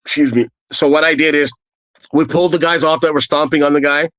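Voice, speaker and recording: A man's voice: a little high, fairly even intonation, quick pace, a bit bright, no room sound, low-quality recording. A middle-aged man telling his own stories in a casual, earnest, rambling way, with plenty of fillers. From Canada. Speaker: storyteller guest. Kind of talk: casual first-person storytelling.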